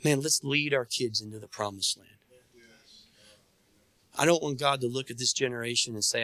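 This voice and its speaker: Bright-voiced preaching man, dry close sound. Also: medium pitch, moderate pace, long pauses, no echo. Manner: preaching, calls on the congregation to respond. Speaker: pastor. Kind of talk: sermon.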